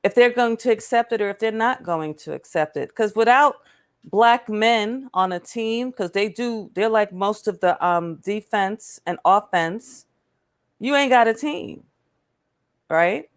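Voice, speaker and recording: A woman co-hosting a casual talk show, chatting in an animated, conversational way. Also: medium pitch, measured pace. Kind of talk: casual live show chat.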